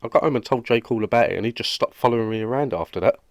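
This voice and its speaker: A man's voice: medium pitch, very fast, no room sound, studio quality, lightly acted. A man voicing a lonely, awkward young roommate in a cartoon, speaking with a British accent in an earnest, rambling way. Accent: British English. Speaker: cartoon character. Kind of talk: animated comedy dialogue.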